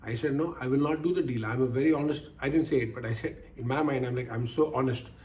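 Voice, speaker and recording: A man's voice: mid-range voice, fast talker, darkish tone. An older man telling personal stories as life lessons, acting out the voices he quotes and repeating phrases for emphasis. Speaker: speaker giving life lessons. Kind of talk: personal storytelling talk.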